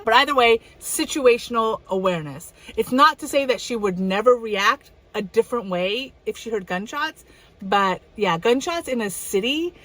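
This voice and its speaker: A woman's voice: mid-range voice, fairly bright tone. A woman hosting a reaction video, chatting casually and thinking aloud with hedging asides.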